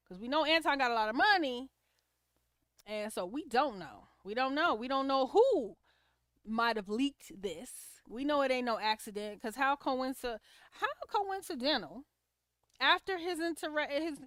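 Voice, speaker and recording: A woman's voice: high-pitched, a bit bright, dry recording, studio quality. A woman hosting a casual livestream, giving opinionated commentary on clips and reacting to viewer comments. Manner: opinionated, talks back to chat comments.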